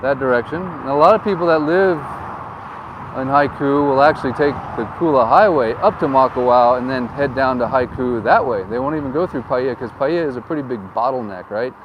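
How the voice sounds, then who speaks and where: Speaking fairly quickly in a mid-range voice, a man who's a real estate agent offers a chatty town tour from the street as he rides through, joking and wandering into asides. The audio is dull, coming from a wind-muffled mic with a windsock, with faint wind and street traffic around him.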